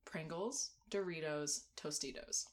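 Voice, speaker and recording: A woman's voice: sits low, a little slow. A woman co-hosting a podcast in casual chat, laid-back with some hesitations. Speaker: podcast co-host.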